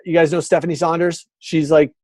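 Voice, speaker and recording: A man's voice: on the high side, a little fast, no room sound. A middle-aged man from Massachusetts, telling a personal story in casual chat as a guest speaker on a video call, acting out the dialogue. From Massachusetts, USA. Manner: animated, acts out quoted dialogue.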